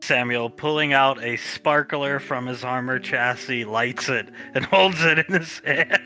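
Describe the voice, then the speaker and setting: Animated bright-voiced man narrating game role-play. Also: medium pitch, a little slow, soft background music. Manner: animated, laughs between lines.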